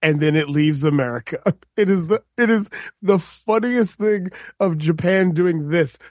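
Male co-host, joking and animated, slightly high voice, dry close mic. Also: a little slow, dry recording. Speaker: podcast co-host. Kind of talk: casual chat.

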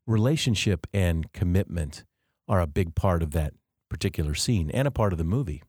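Deep-voiced man hosting a devotional podcast. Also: animated, normal speed, darkish tone, breathy edge, no room sound, clean studio sound. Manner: earnest, reflective, explaining step by step. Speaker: podcast host.

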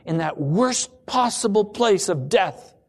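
A man preaching a sermon with dramatic delivery, swinging between ringing emphasis and a hushed near-whisper. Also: high-pitched, animated, slow.

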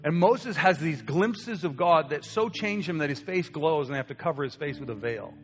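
Animated young man preaching in a hall. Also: a little high, moderate pace. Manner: animated storyteller acting out quoted voices. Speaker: pastor. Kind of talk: sermon with personal story. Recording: long hall reverb with soft guitar.

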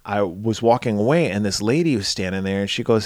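A man's voice: medium pitch, fast talker, no echo, studio quality. A man co-hosting a podcast, telling stories in casual chat and acting out the quotes. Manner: animated storytelling, acts out quotes. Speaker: podcast co-host.

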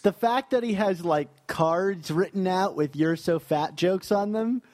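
A man's voice: high-pitched, a little slow, a little mellow, dry recording. Chatty man with a dry close sound. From New York. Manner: enthusiastic, laughs easily, many fillers. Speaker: podcast co-host. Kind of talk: casual comics discussion.

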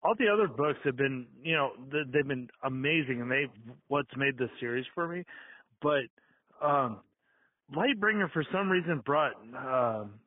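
A drunk man leaving an excited, rambling voicemail from outdoors, panicking and swearing as he gushes. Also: mid-range voice, normal speed. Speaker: voicemail caller. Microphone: phone. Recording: tinny phone voicemail.

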